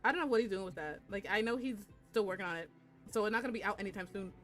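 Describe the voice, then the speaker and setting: A woman's voice: mid-range voice, very fast, fairly bright tone, faint music behind. A young adult woman streaming while she draws, chatting casually and crudely with viewers. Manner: chatty and crude, with frequent laughs and squeals. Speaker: VTuber streamer and artist. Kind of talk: casual live-stream chat while drawing.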